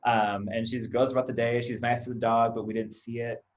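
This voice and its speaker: Man, thirties, behavior analyst, casual interview, middle pitch, explains through acted-out examples. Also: fairly quick. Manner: explains with lively acted-out examples and repeated "right?". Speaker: behavior analyst, clinic co-owner.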